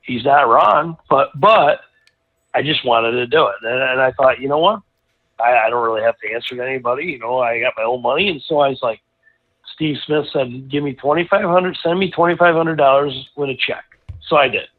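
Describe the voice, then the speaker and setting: A middle-aged man, a guest racing driver, telling a rambling, animated anecdote in casual conversation, full of restarts. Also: medium pitch, brisk. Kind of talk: casual storytelling. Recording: tinny phone-like line.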